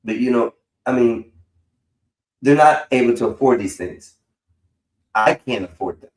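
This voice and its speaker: A man hosting a live stream talks a little slowly at medium pitch, chatting casually in a rambling, slang-heavy way. He swears freely and says bro a lot, and the poor audio has a roomy sound.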